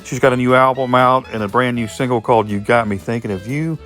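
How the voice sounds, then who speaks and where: Folksy host, rambling and chatty. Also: male voice, mid-range voice, steady tone, fast, fairly bright tone, faint music behind. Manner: folksy, rambling, self-deprecating. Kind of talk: casual interview chat.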